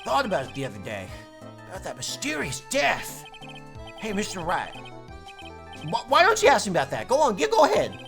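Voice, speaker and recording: A gushing, gossip-loving southern woman, loud and twangy and eager to share rumors, put on by a woman playing a game. Her voice leaps high and low as she talks. Game music sits behind her. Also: huge pitch swings, a little fast, vocal fry, long pauses.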